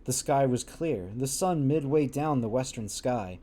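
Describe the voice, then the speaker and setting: A man with an expressive, mellow, mid-range voice reads a classic novel aloud on a livestream at an unhurried pace. He stumbles over the old wording and breaks off with wry, laughing asides.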